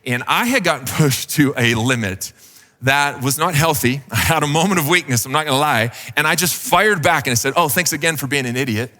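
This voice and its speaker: Bright-voiced pastor in a reverberant hall. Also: male voice, a little high, brisk. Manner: casual storytelling with fillers and acted quotes. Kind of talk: sermon.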